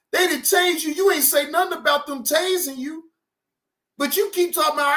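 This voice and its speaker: A high-pitched man talks over video clips in loose, slangy commentary. His voice is bright and loud, and he often exclaims. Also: fairly even intonation, normal speed. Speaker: reaction video host.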